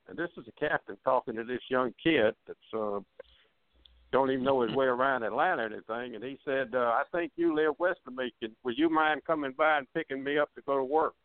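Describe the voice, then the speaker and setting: A man's voice: medium pitch, dry recording. An older man who flew with an airline, reminiscing in a rambling, folksy way on a call-in show. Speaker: retired airline crew member. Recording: tinny phone line.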